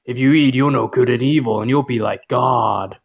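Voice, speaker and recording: Guy playing a low-key, coaxing snake tempter, slightly lower and softer, comic storybook. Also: moderate pace, vocal fry, breathy edge, phone-quality sound. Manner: laid-back, persuasive, slangy. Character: smooth-talking slangy male serpent tempter.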